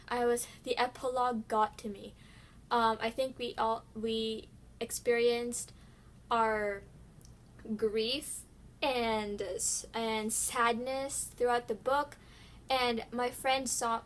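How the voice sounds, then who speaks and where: Teen female book vlogger, gushing and chatty, a bit high-pitched, light background hiss. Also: a bit bright. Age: teens. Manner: gushing, chatty, many fillers and restarts. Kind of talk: casual chat.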